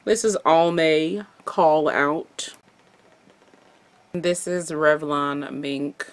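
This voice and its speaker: A woman's voice: sits low, fairly even intonation, drawn-out words. A young adult woman vlogger chatting casually through a makeup tutorial, playful and chatty, tossing in little sound effects. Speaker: beauty vlogger.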